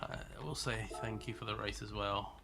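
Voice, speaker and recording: A man's voice: lowish voice, fairly even intonation, normal speed, creaky. A man live-streaming a racing game, chatting casually and teasing viewers as he answers their messages. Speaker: gaming streamer.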